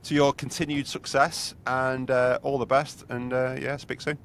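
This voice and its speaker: A man's voice: medium pitch, little pitch movement, moderate pace, a little hiss or hum. A man hosting a podcast in casual chat over a video call, rambling with lots of fillers. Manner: rambling, heavy on fillers like "you know". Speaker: podcast host.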